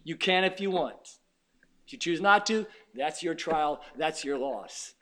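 High bright voiced preacher man, goes from shouting to near whisper, acts out god and satan bits. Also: lively intonation, measured pace. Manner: swings from shouting to hushed tones; voices God and Satan in little acted quotes. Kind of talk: sermon.

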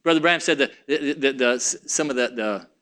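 A man's voice: mid-range voice, fairly quick, a bit bright. A man preaching a sermon to his church, with rising emphasis and frequent restarts. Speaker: pastor.

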